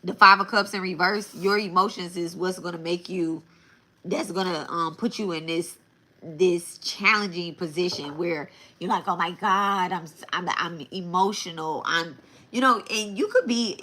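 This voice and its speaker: A woman's voice: fairly low pitch, lively intonation, a little slow, sharp tone. A woman giving a live tarot reading in a casual, blunt way, often repeating and restarting her phrases. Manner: blunt, swears. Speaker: tarot reader.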